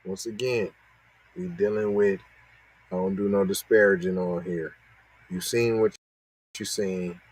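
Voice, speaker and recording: A man's voice: fairly low pitch, dry recording, poor audio. A man, hosting a podcast and reacting to news clips with mocking, repetitive commentary. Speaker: podcast host.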